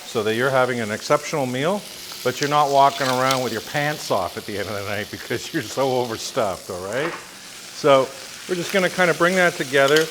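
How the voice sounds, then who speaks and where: A man cooks at the stove and talks as he goes, loose and joking, like a chef walking viewers through a dish. His voice sits at a middle pitch. Frying and sizzling are clearly heard behind him. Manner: chatty, joking, lively asides. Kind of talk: cooking demonstration. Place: kitchen, cooking at the stove. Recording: sizzle and kitchen noise. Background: sizzling pan.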